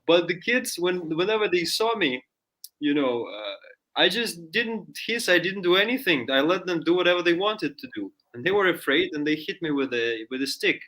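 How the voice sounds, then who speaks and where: A man doing a timid, wounded snake, pitched up. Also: lively intonation, normal speed, sharp tone. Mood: plaintive.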